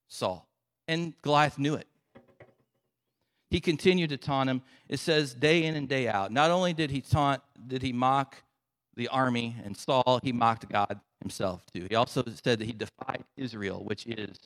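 Conversational male pastor, mid-pitched, recorded with a long hall echo. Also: moderate pace, gravelly, fairly bright tone. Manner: conversational storytelling with casual asides. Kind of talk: sermon.

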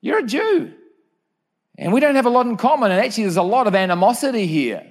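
A man doing a blunt, high Samaritan woman. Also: big pitch swings, unhurried, darkish tone, heavily acted. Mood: defensive.

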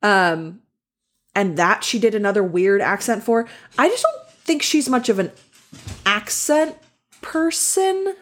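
A woman's voice: mid-range voice, lively intonation, slow. Woman podcast cohost, chatty, lots of likes and ums, blunt opinions. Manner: chatty, many fillers, frank opinions. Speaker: podcast co-host. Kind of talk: casual chat.

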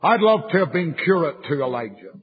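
An older man preaching a fiery revival sermon, telling stories and rising into shouts. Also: a little high, very animated, brisk, husky. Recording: muffled lo-fi sermon recording.

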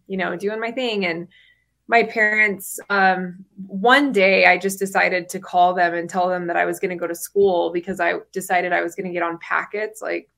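A woman's voice: mid-range voice, vocal fry, pushed and bright. A woman in her thirties sharing her personal story as a podcast guest, chatty, with frequent fillers and laughs between phrases.

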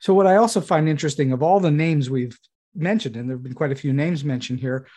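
A man's voice: a little high, fast, mellow, husky. A man interviewing a comedian, often stammering on the first words of his questions.

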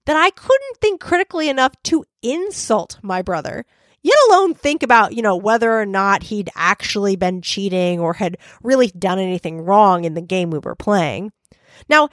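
A woman's voice: fairly high pitch, dry recording, clean studio sound. A young adult woman hosting a podcast, talking earnestly and telling stories in a scripted monologue. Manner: earnest, animated storytelling. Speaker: podcast host and volunteer trainer.

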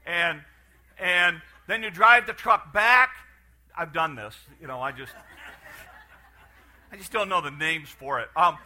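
A man preaching a sermon, animated and storytelling, with frequent restarts and acted-out farm scenes. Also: a little high, measured pace, long pauses.

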